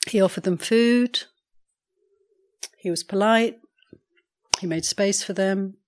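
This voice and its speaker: A woman meditation teacher telling a story during a morning sitting, in a measured, unhurried way, clearing her throat now and then. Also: medium pitch. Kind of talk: storytelling dharma talk.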